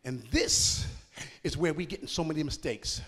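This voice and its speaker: A man's voice: a little high, moderate pace, fairly bright tone, big-room sound. A man preaching a sermon in a folksy, playful way, joking with the congregation and laughing between phrases.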